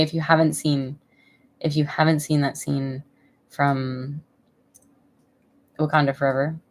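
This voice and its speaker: A woman's voice: deep voice, darkish tone. A woman in her thirties chatting casually on a live stream from home, rambling and emotional, laughing often. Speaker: vlogger.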